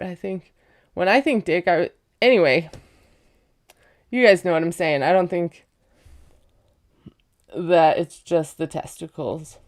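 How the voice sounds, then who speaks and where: A woman recapping a reality show in casual chat, sarcastic and quick to laugh at her own jokes. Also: fairly low pitch. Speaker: recap vlogger.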